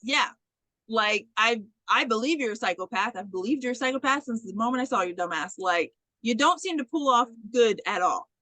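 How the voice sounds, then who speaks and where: Bright, animated woman recapping a film. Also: fairly high pitch, brisk, no echo, rough recording. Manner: animated storytelling, acts out characters' lines, swears casually. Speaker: podcast co-host. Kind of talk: casual chat recapping a movie.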